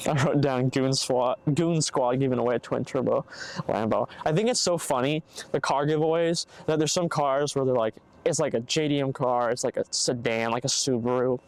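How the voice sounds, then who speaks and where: On his casual solo podcast, a young host delivers rambling but sincere advice, acting out conversations that might happen. His mid-range voice keeps a moderate pace. The audio comes through a bad mic with faint background noise.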